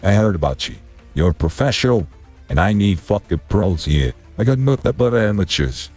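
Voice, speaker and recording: A game master putting on a deep, husky mob boss in a tabletop game, bossy, condescending and swearing freely. His low, rough voice rambles on as he gives orders to a hired gun. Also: expressive, moderate pace, darkish tone, faint music behind. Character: angry male mob boss, middle-aged, condescending.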